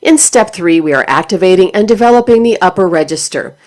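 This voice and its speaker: A woman voice teacher giving scripted instructional narration in a clear, measured, explanatory way. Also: lowish voice, lively intonation, a little mellow.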